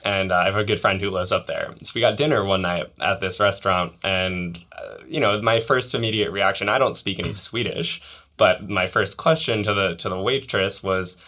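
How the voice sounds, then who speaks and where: A young man from the area, hosting a casual podcast chat, relaxed and quick to laugh, often repeating his words. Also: deep voice. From Boston area, USA. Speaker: podcast host. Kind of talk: casual conversation.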